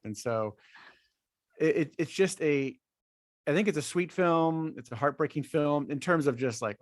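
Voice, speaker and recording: A man in his forties co-hosting a podcast in casual chat, halting and often repeating his words. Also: medium pitch, dry recording, clean studio sound. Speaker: podcast co-host.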